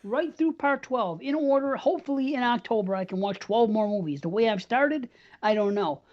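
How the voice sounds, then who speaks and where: A woman's voice: on the high side, animated, normal speed. Woman hosting a podcast, muffled sound. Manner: introduces the show, plain conversational. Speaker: podcast host. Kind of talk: casual chat.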